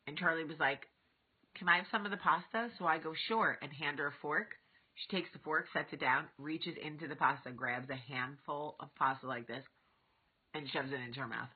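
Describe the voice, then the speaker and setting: A woman in her thirties tells stories straight to camera in a low, husky voice. She acts out what everyone said with big, lively swings. The sound is thin and tinny, like a phone line. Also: normal speed. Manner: animated, acts out quotes with big jumps. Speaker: vlog host. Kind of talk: casual storytelling to camera.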